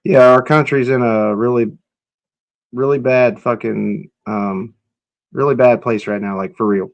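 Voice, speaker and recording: A man's voice: mid-range voice, steady tone, unhurried, vocal fry, highs cut off. A man hosting a casual live stream, reacting to clips and chatting with viewers in an offhand, profane way. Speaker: livestream host.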